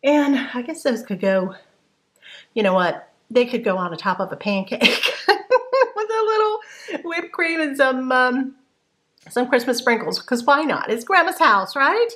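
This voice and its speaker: A woman's voice: sits high, animated, measured pace, a bit bright. A woman in her sixties hosting a casual grocery haul vlog, chatty and homey, rambling with fillers and a little out of breath. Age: 60s. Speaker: vlog host.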